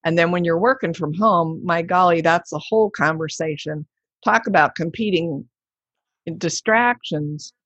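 A woman's voice: lowish voice, a little slow, fairly bright tone, breathy edge, dry recording. Chatty woman host, dry dull sound. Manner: enthusiastic, chatty. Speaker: podcast host. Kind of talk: conversational interview.

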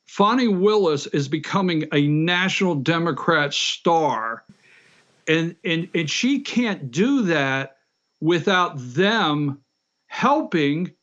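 A man's voice: a little high, fairly bright tone. Fervent man on a dull remote line. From Georgia, US. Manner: fervent, repeats and restarts words. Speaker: guest, party official. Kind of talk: political talk show remarks.

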